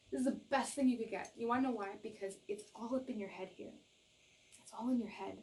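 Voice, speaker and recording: A woman's voice: fairly high pitch, fairly quick, mellow, far from the mic, rough recording. A woman giving a tarot reading to camera, earnest and reassuring, often checking in with "okay?" and gushing with emotion. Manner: gushes with emotion. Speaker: tarot reader.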